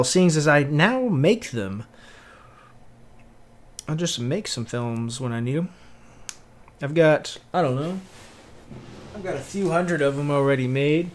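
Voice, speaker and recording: Higher-voiced Southern man, casual streamer. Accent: Southern American (Tennessee). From Tennessee, USA. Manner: laid-back, greets viewers, mutters and hums while working. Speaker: livestreamer. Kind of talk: casual livestream chat.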